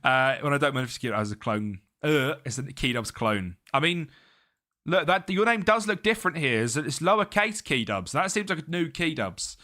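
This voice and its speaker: A man's voice: on the high side, normal speed. Chatty young man streaming. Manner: chatty, greets chat by name, excitable. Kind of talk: casual live-stream chat.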